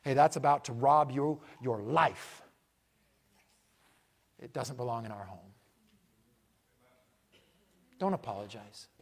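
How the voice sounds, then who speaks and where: A male pastor preaching a sermon, emphatic and repetitive, asking rhetorical questions and swinging from loud declarations to hushed asides. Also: medium pitch, slow pace, long pauses.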